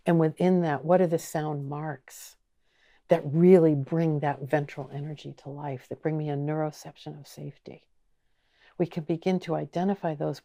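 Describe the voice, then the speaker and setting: A woman teaching an online course, speaking slowly and gently and asking the listener many inviting questions. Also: low voice, creaky. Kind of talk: guided teaching talk.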